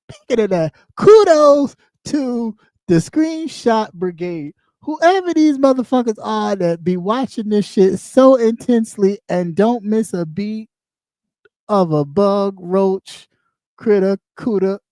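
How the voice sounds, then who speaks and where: Guy streaming, aave, cussing and laughing a lot, kinda high voice but mellow, dry sound. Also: no echo. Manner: loose, profane and animated, with frequent laughs and repeats. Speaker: livestream host. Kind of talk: casual commentary livestream.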